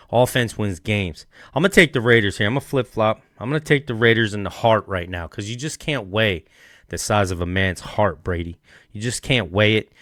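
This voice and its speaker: Emphatic low-voiced man, dry sound. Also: a bit bright, no room sound. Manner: emphatic, repeats phrases for effect. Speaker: podcast co-host. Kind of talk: casual sports picks chat.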